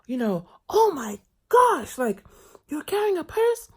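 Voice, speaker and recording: A man's voice: very animated, unhurried, heavily acted. A man voicing a nosy, disapproving older African woman who fires off repeated prying questions. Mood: scandalized. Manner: shrill, repetitive prying questions.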